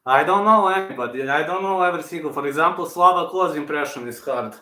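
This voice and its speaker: Chatty man with a bright, echoey voice. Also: fairly high pitch, fast. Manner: chatty, repeats himself, answers viewers. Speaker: channel host. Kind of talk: casual live-stream chat. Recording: roomy echo.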